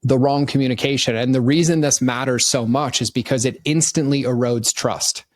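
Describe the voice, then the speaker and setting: A middle-aged man talks through business ideas in relaxed, conversational podcast style. He brings his points to life by acting out customers in quick, animated voices. His voice sits in a middle range and is recorded close and dry. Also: medium pitch, no room sound. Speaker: podcast guest, marketing consultant.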